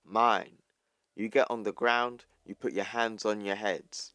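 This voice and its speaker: A man voicing a tough military director who barks orders loudly. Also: lowish voice, fairly even intonation, measured pace, clean tone, no room sound. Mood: angry commanding.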